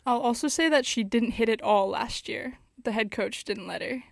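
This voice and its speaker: A woman co-hosting a sports recap, relaxed and conversational. She drops in insider details with easy laughs. Her voice sounds close and dry. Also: on the high side, moderate pace, vocal fry, dry recording. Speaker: sports show co-host. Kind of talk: casual sports chat.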